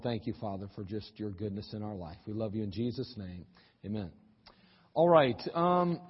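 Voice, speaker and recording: A man's voice: a little high, slightly rough, in a large hall, dull audio. A male pastor giving a sermon, telling a folksy story and reading scripture aloud in an archived church recording. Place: church sanctuary.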